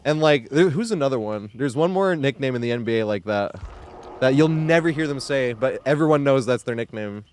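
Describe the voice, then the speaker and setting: A man's voice: mid-range voice, lively intonation, fairly quick. A man in his thirties, originally from the New York area, chatting casually on a live stream, rambling, laughing often and swearing freely. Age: 30s.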